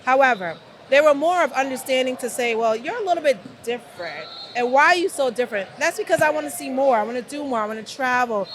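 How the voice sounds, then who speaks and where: A middle-aged woman talking in a casual interview, animated, often saying "right?" and "absolutely". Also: sits high, fast talker, few pauses, slight background noise. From United States. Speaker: guest.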